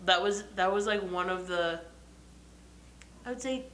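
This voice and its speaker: A young woman chatting casually as a podcast co-host, telling animated stories and acting out quotes. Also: medium pitch, unhurried, slight background noise. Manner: animated storyteller, acts out quotes. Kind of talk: casual chat. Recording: echoey room.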